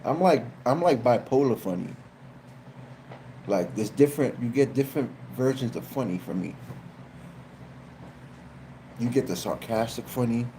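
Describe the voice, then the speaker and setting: A man tells a story in a casual, rambling style with lots of swearing. His voice sits at an ordinary middle pitch, and a faint hiss of noise runs under it. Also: moderate pace, pauses often. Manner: animated, profane, repeats phrases. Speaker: live streamer.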